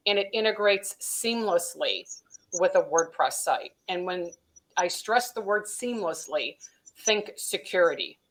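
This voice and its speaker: In this poor-quality audio, a woman with a fairly low voice speaks at an unhurried pace. She's a company vice president giving a business webinar interview, chatting through practical steps and offering advice, her talk full of "you know" and "um."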